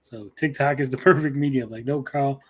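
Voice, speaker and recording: A man's voice: mid-range voice, fairly quick, slightly rough. A man hosting a casual livestream, reading chat messages aloud in a blunt, joking way and swearing freely. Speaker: show host reading chat.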